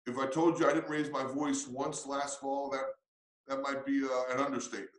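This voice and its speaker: A man's voice: medium pitch, level tone, a little fast, echoey room, rough recording. A man who coaches, answering interview questions in an earnest, reflective way with frequent restarts.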